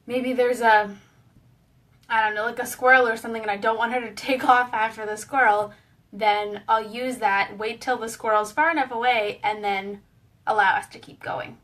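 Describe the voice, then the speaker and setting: A woman's voice: on the high side, fairly bright tone, recorded from a distance. A woman giving a casual, explanatory online lesson as a pet wellness educator, with a few small fillers.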